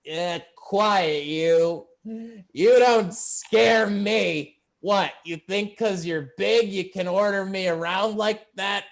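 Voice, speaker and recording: A man voicing a small, scrappy male halfling who yells in a high, feisty voice. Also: takes it slowly, gravelly, full character voice. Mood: defiant.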